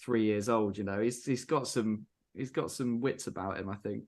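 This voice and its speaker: A man's voice: lowish voice, moderate pace, a little mellow. A man co-hosting a podcast, casually retelling game lore in a loose, sweary storytelling manner. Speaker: podcast co-host. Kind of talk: casual chat, reading out lore.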